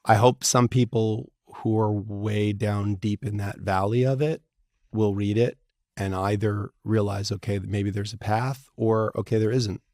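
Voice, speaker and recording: A man's voice: on the low side, unhurried, no room sound, studio quality. A middle-aged man, a divorce lawyer and author, telling candid, profane stories in a casual interview. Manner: animated storyteller, candid and profane.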